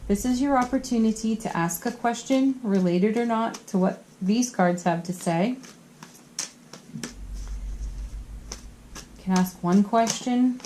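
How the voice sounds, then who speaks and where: A woman doing a tarot card reading, earnest and gentle, tired, often giggling at herself. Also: medium pitch, slight background noise. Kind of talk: spiritual card reading to camera.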